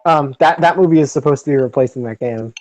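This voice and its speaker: A young man talks in a relaxed, mellow voice, chatting casually with a friend. He is opinionated and slips into quick rants, laughing now and then. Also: mid-range voice. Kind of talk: casual chat.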